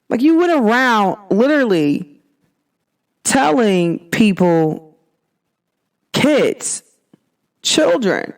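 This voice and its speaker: A woman's voice: a little high, big pitch swings, very slow, long pauses. A woman hosting her own podcast, talking in a casual, emphatic monologue full of rhetorical questions. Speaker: podcast host.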